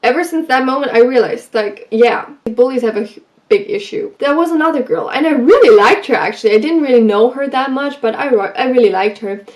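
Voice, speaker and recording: A woman vlogger giving advice in a casual, animated way, telling stories from her school days and acting out what people said. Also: high-pitched, fairly quick. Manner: animated, acts out quoted lines. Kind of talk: casual storytelling advice vlog.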